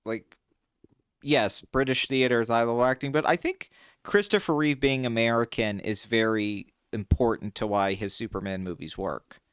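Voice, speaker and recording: Young guy chatting, smooth clear voice, dry close sound, gets loud and high when excited, swears a lot. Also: moderate pace, no room sound. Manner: animated, swears freely, jumps in pitch when excited. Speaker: podcast co-host. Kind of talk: casual chat.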